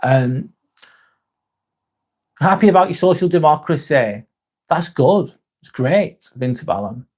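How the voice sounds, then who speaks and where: An English man hosting a live stream in a casual, rambling chat, reading out and answering viewer comments with a halting, sincere manner. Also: fairly high pitch, lively intonation, darkish tone. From England. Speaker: livestream host.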